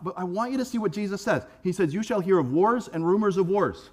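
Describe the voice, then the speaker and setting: A man preaching in a church, talking in a relaxed and lively way and slipping into acted-out voices. His voice sits a little high for a man. He often repeats a word before he gets a phrase going. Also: brisk, few pauses. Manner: conversational, animated preaching with acted-out quotes; repeats words when starting phrases. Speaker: pastor. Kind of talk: sermon. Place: church sanctuary.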